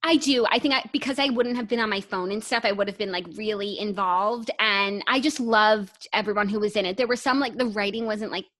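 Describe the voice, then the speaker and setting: A woman's voice: medium pitch, a little fast, hardly any pauses, fairly bright tone. Young female co-host, enthusiastic casual chat, middle-range voice. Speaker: podcast co-host.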